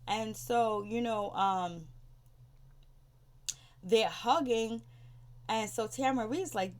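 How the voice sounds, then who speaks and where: A woman's voice: fairly high pitch, slow, long pauses. A woman casually recapping a TV episode on her vlog, rambling with lots of fillers and acting out what people said. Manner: chatty and rambling, with many "you know, um" fillers; acts out quoted lines in raised voices. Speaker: TV show recap vlogger. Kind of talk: casual spoken show recap.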